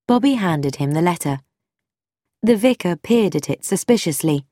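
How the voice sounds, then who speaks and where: A woman reads an audiobook in a clear, measured way, her low voice moving with animated rises and falls. The recording is close and dry, with no room sound. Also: no echo. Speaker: narrator. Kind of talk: audiobook narration.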